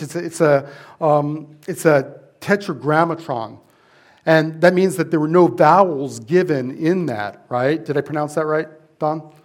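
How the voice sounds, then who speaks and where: A man preaching a sermon to his congregation, conversational and repetitive, with asides and jokes. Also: a little high. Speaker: pastor.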